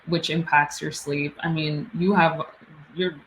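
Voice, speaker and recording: A woman guest on a podcast, chatting casually in a relaxed way with plenty of fillers. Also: deep voice, unhurried, slight background noise, low-quality recording. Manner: relaxed, filler-heavy chat. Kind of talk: casual interview chat.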